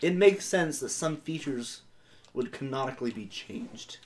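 A man's voice: medium pitch, expressive. A young American man co-hosting a casual gaming chat, chatty and teasing. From United States. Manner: chatty, teasing, quick to joke. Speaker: co-host.

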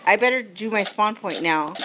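A woman chatting casually as she plays a mobile game, giggly and quick to apologize. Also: mid-range voice, expressive, heavy background noise. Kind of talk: casual gameplay commentary.

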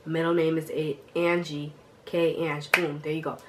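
A young woman in her twenties, sick with a cough, telling a slangy, animated storytime to her viewers. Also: low-pitched, normal speed, background noise. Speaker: vlogger. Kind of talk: casual storytime vlog.

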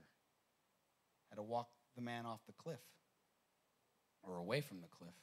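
A man preaching a sermon as pastor, telling a story with animated energy and frequent repeated words. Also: fairly low pitch, measured pace, pauses often. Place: church sanctuary.

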